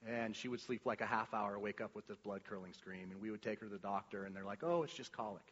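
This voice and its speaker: Guy giving a testimony at church, bright forceful voice, rambly with lots of restarts, big echoey hall. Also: on the low side, quick pace. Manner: rambling storytelling with many restarts and filler words; animated, acts out quoted lines. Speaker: church speaker sharing a testimony. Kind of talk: personal testimony to a congregation. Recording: dull recording with long hall reverb.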